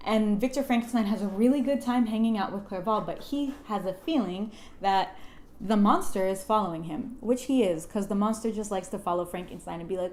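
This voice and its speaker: A young woman retelling a gothic novel as a comedy, in a profane, slangy, deadpan way. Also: mid-range voice. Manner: profane, slangy, deadpan storytelling with quick paraphrased quotes. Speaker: video host retelling a novel. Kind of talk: irreverent comedic book summary.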